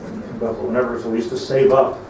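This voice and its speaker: Echoey distant rabbi preaching. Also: male voice, mid-range voice, little pitch movement, racing, background noise. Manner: storytelling, mixes Hebrew terms into English, rises to emphatic peaks. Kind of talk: sermon on lamentations. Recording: echoey room, mic at a distance, faint ambience.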